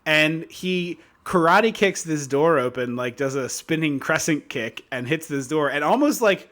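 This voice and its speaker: A man co-hosting a podcast in casual chat, ranting in a lively, mocking way. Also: on the high side, unhurried. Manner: animated, mocking rants. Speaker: podcast co-host.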